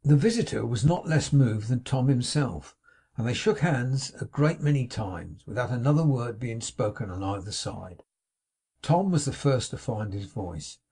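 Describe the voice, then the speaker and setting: A man reading a classic novel aloud as an audiobook narrator, lifting his voice for excited characters. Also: moderate pace, husky. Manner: reads dialogue with lively raised pitch for excited characters.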